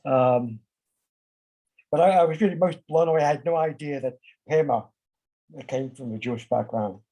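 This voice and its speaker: Husky man leading a halting study talk. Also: a little high, dark tone, rough recording. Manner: halting, many uh and um fillers and restarts. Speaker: discussion leader. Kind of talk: informal talk to a study group.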